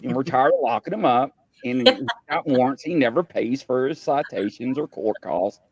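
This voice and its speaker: A man's voice: medium pitch, moderate pace, creaky, slightly rough, no room sound. A middle-aged man and podcast host, a retired police officer, telling a story casually and playfully to his audience. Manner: animated, playful, repeats "ladies and gentlemen" to the audience.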